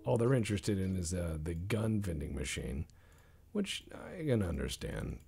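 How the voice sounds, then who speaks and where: A man with a gravelly, husky voice talks through his gameplay in a loose, rambling way. His pitch swings widely, from low deadpan mutters up to loud bursts. He sits a little low for a man. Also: normal speed. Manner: jokey, deadpan asides with sudden loud outbursts. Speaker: gameplay commentator.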